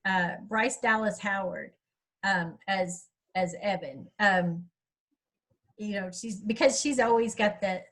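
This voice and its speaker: A woman's voice: medium pitch, takes it slowly, fairly bright tone, poor audio. A middle-aged woman, chatting in a rambling way about her audiobook at a writers' workshop over a video call. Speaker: author speaking at a writers' workshop. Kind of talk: casual chat.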